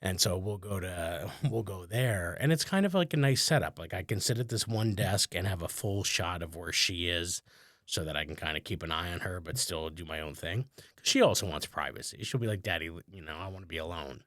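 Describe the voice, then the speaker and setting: A man with a very low voice spins a loose, rambling story in relaxed podcast chat. He fills his sentences with "like", chuckles as he goes, and pokes fun at himself. The sound is close and dry, with no room echo. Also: brisk. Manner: rambling, conversational, many "like" fillers, chuckles often. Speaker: comedian and podcast host.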